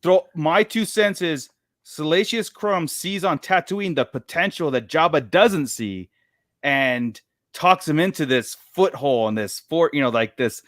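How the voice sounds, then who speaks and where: A man co-hosting a podcast who asks quick questions and laughs easily in casual chat. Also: a little high, lively intonation, fairly bright tone, no room sound, studio quality. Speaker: podcast co-host.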